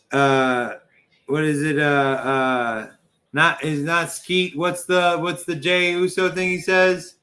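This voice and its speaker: A man's voice: on the high side, a bit bright. A man hosting a casual wrestling chat podcast, rambling and swearing freely with many restarts. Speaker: podcast host.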